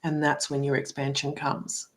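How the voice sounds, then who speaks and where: A woman's voice: deep voice, completely flat delivery, normal speed. A middle-aged woman coach giving a live card reading, speaking emphatically, swearing freely, calling viewers by name and often tagging sentences with "right?". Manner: frequent tag "right?". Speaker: spiritual and business coach.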